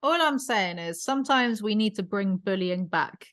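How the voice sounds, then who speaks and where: A woman's voice: medium pitch, animated, normal speed, fairly bright tone. Opinionated woman ranting on a podcast. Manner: ranting, opinionated, self-aware about vocal fry. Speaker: podcast host. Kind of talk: casual podcast chat.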